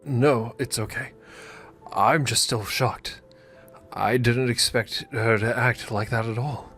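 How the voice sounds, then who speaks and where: A man's synthetic voice reading a text-message story, playing a young groom who speaks softly and apologetically. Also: medium pitch, steady tone, slow pace, faint music behind. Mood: apologetic.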